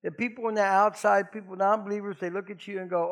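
A middle-aged man preaching a conversational sermon in a folksy, joking way with animated asides. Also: high-pitched, fast talker, hardly any pauses. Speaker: pastor.

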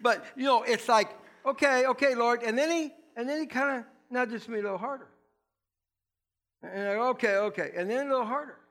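A male pastor delivers a loose, conversational sermon in a high, light voice. He chuckles often and acts out quoted voices as he goes. At times he drifts off the mic and his voice falls quieter. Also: fairly quick.

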